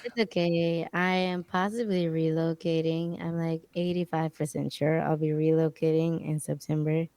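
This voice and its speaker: A woman co-hosting a podcast in casual chat, with a slow, low nighttime voice. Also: little pitch movement, warm tone, smooth, dry recording. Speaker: podcast co-host.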